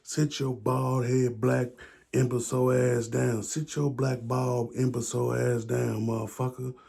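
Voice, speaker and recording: A man's voice: medium pitch, level tone, normal speed, vocal fry, mellow, voice pushed up. A man voicing a furious adult male inmate who curses and scolds another prisoner. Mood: scolding. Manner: cursing, scolding, threatening.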